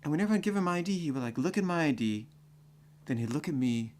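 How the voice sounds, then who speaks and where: A man with a fairly high voice telling a personal story from his own life. He talks loosely and conversationally, leaning on fillers like "you know" and "like." The delivery is relaxed and unscripted. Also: fast talker, a little hiss or hum. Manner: conversational, full of fillers, builds to excited acting-out.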